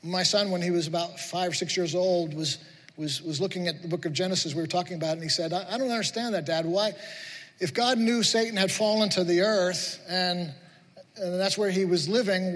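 A middle-aged pastor preaches in a fairly high, slightly bright voice, earnest and repetitive as he piles up emphatic questions. The sermon echoes with long reverb through the church sanctuary.

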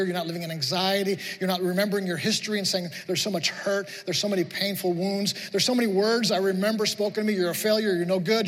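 A man's voice: high voice, a bit bright, big-room sound, low-quality recording. A middle-aged man preaching a sermon as pastor, earnest and repetitive, building to emphatic questions. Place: church sanctuary.

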